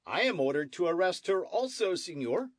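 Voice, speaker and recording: For an audiobook, a man voices a blunt, stubborn army sergeant who repeats his orders and won't budge. The performance sits high, above the man's natural voice, with a sing-song lilt at a moderate pace, while the speech itself is short, clipped, curt, and matter-of-fact. The recording is dry and close with no room sound.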